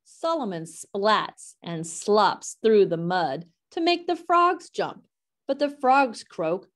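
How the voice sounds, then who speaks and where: A woman reading a children's picture book aloud in an expressive, sing-song way. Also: mid-range voice, slow. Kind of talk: storybook read-aloud.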